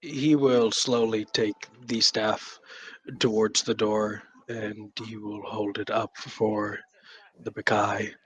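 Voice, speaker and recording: A man playing in a tabletop game, describing his character's actions in a slow, hesitant way. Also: fairly low pitch, little pitch movement. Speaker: player. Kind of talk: casual tabletop play.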